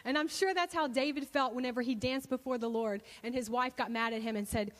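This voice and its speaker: A woman with a fairly high voice preaches, her story rising into animated bursts of excitement. The sound carries a long reverb, as if from a large hall. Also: fast talker, few pauses. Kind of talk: sermon storytelling.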